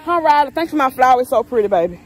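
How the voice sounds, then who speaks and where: A woman's voice: high voice, animated, rapid-fire, slight background noise. Chatty slangy woman vlogging outdoors. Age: adult mother. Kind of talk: casual vlog chat. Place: outdoors on a neighborhood street. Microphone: phone camera held by someone else.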